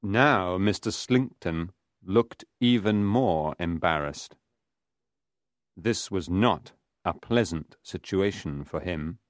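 A man's voice: low voice, slow pace, no echo, clean studio sound. A man narrating a graded reader audiobook in a careful reading voice.

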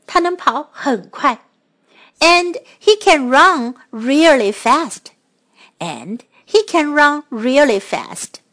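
A woman teaching children English, repeating phrases slowly and clearly in a bilingual lesson. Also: sits high, animated, a bit bright. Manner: slow, clear repetition for children.

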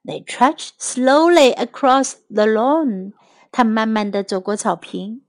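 Woman storyteller, children's story, high voice, clear and expressive, dry close sound. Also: dry recording. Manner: clear, expressive, slow English then Chinese. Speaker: storyteller and English teacher. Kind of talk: bilingual children's story reading.

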